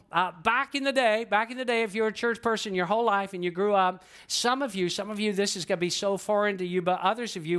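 High-voiced man preaching conversationally. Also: fairly bright tone. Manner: conversational, repeats phrases for emphasis, asks the audience questions; sings snippets of old hymns. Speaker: pastor. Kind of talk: sermon.

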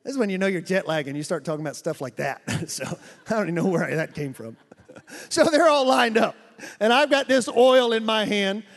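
Speaking briskly with a creaky edge, a strikingly high-voiced man preaches missionary stories in a church hall where long reverb trails his words. The sermon is lively, full of laughter and imitated sounds.

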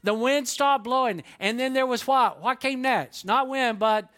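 High-voiced animated male pastor. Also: a little slow. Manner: animated, acts out quoted voices, repeats words for emphasis. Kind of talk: sermon.

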